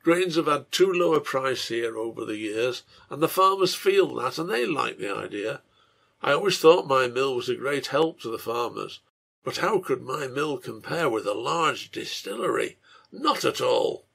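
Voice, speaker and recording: A man voicing a contented middle-aged innkeeper in a storybook reading, plain and matter-of-fact, with a gravelly, husky voice. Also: medium pitch, lively intonation, normal speed, a bit bright, heavily acted.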